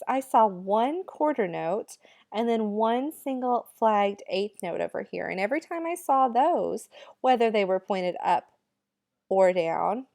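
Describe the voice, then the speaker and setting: Woman, music teacher, high-pitched, upbeat, encouraging, chatty. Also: creaky, darkish tone. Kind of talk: remote music lesson for children.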